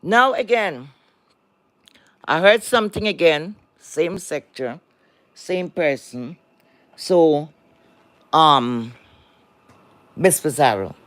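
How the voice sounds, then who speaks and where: This online commentator speaks slowly, pausing often, with a medium pitch, an expressive delivery, and a fairly bright tone. Addressing the audience head-on, the rant is emphatic and profane, repeating words and posing pointed rhetorical questions. No echo is present; the sound is dry and close.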